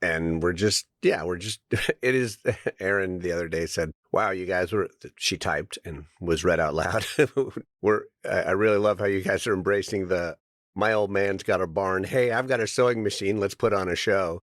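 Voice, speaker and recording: A middle-aged man co-hosting a podcast in casual chat, relaxed and reflective, often chuckling as he talks. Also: sits low, normal speed, no room sound, clean studio sound. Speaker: podcast co-host.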